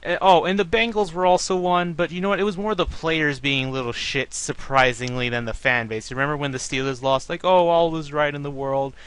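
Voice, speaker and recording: Guy ranting about football fans, bright tense voice, kinda high, swears a lot. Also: brisk, few pauses, smooth. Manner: ranting, profane, animated. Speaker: podcast host. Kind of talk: casual sports talk.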